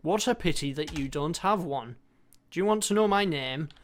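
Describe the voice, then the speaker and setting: A man's voice: fairly high pitch, animated, moderate pace, lightly acted. A man drawling as a greedy lake creature. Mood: demanding.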